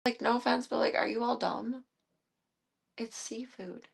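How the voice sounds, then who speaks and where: A woman's voice: on the high side, steady tone, unhurried, vocal fry, slightly rough. Woman, live streamer, casual chat, talks to her cats and dogs, amused and baffled, at home. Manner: chatty, talking to her pets, amused and baffled.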